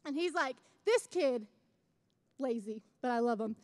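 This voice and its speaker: A woman's voice: high voice, lively intonation, unhurried, a little mellow, big-room sound. A young woman speaking at a church service, telling a chatty, self-mocking parenting story that builds into fervent encouragement. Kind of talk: sermon with personal story.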